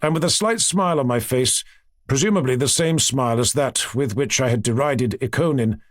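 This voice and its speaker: A man reading a classic novel aloud in an expressive, measured storytelling manner. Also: medium pitch, no echo, clean studio sound. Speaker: audiobook narrator. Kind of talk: scripted narration.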